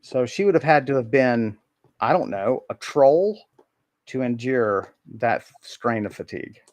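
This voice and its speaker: A man's voice: medium pitch, animated, unhurried, a little mellow, dry recording. A man narrating a tabletop role-playing game as game master, hesitant and full of ums and restarts.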